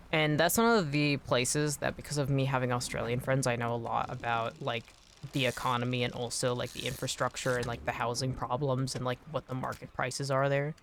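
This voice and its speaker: A man's voice: mid-range voice, a bit bright, slight background noise. A man streaming a game, chatting casually in a rambling, self-deprecating way. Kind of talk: casual gameplay chat.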